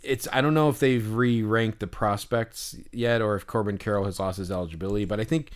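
In a fairly low, clear, resonant voice, a man talks briskly as a podcast co-host. His casual chat and stories ramble, full of fillers and restarts, and he grows animated while storytelling.

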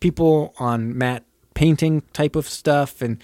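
A man's voice: a little high, slow, darkish tone, dry recording, studio quality. A man co-hosting a casual podcast, retelling a film plot and acting out the characters' lines. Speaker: podcast co-host. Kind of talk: casual movie recap chat.

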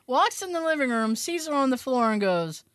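A woman's voice: sits high, big pitch swings, moderate pace, a bit bright, no echo, clean studio sound. A woman co-hosting a podcast, telling a family story in casual chat, swearing now and then and laughing as she goes. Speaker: podcast co-host.

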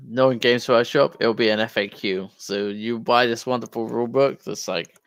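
A man's voice: medium pitch, steady tone, normal speed, no echo. A man from New Jersey with a New Jersey accent, co-hosting a podcast in loose, casual chat full of "yo" and "like". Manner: loose and casual, says "yo" and "like", restarts. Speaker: podcast co-host.

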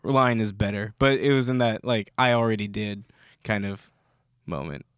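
A man talks casually about comics and laughs easily, his words often trailing off into quieter asides. His voice is smooth and resonant, recorded close and dry with no room sound. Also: fairly low pitch, animated, moderate pace, no room sound. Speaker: podcast co-host.

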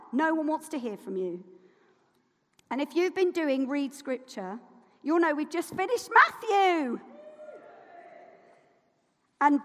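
A high-voiced woman delivers a sermon in a church whose long reverb trails after each phrase. She preaches with rhetorical questions and passion, dropping to soft asides and then rising into forceful indignation. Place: church hall.

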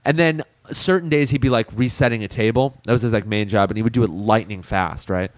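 A man co-hosting a podcast, telling long work stories in a casual, profane, lively way. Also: on the low side, a little fast, dry recording. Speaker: podcast co-host.

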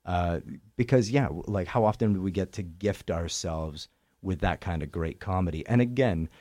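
Playful Canadian actor, low voice. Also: male voice, normal speed, no echo, studio quality. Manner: animated, playful, self-deprecating humor. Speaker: stage actor. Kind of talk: interview chat.

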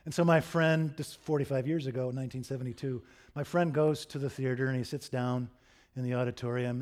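A man preaching a sermon, telling a story in an expressive, animated way. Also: medium pitch.

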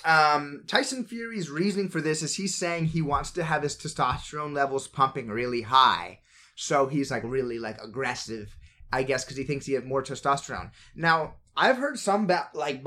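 A man co-hosting a casual podcast, his voice sitting a touch high for a man. He talks loosely and jokes around, swearing freely as he goes. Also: moderate pace, pushed and bright. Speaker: podcast co-host. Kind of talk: casual chat.

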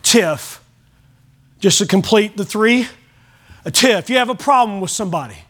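A man's voice: high-pitched, expressive, moderate pace, a bit bright. A man preaching a sermon as pastor, with a folksy, emphatic delivery that acts out prayers.

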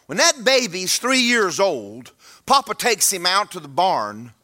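Man, preacher, high bright voice, swooping pitch, folksy and joking sermon. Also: very animated, measured pace. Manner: folksy, humorous, emphatic. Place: church sanctuary.

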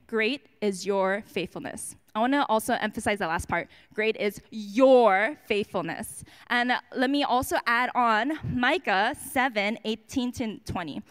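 A woman's voice: on the high side, a bit bright, clean tone. A woman giving a personal testimony at a church service, chatty and self-mocking, with lots of fillers and restarts.

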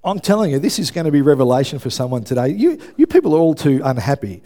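Speaking fast in a fairly high, sing-song voice, a man preaches a sermon before a church congregation. He grows emphatic and loud, often prompting his listeners for a response.

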